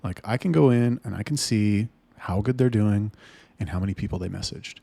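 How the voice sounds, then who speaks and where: Gravelly blunt man ranting. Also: lowish voice, brisk, dark tone, dry recording. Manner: blunt, heated, swears a lot. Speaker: business owner talking to camera. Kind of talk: casual rant to camera.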